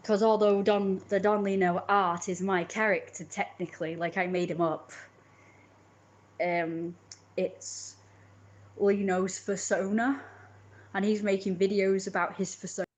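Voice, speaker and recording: A woman's voice: medium pitch, flat delivery, measured pace. A woman, chatting casually with her viewers in a rambling way, full of fillers and restarts. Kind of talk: casual chat.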